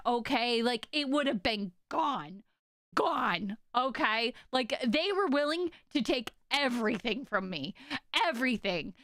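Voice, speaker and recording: A young woman with a high-sitting voice streams casually to her chat, telling stories in an animated, exaggerated way and leaning heavily on "like" and "okay?". The recording is dry and studio quality.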